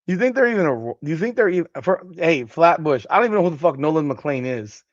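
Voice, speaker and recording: A man's voice: a little high, lively intonation, fast, dry recording, muffled recording. A man hosting a casual livestream podcast, talking bluntly with lots of swearing and repeating himself as he reacts. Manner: greets chat viewers by name. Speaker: podcast host.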